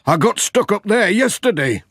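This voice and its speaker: Male reader playing a hearty grocer in a kids' storybook, high and lively, slow. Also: slightly rough, no room sound, studio quality, full character voice. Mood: friendly. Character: friendly male mobile-shop grocer.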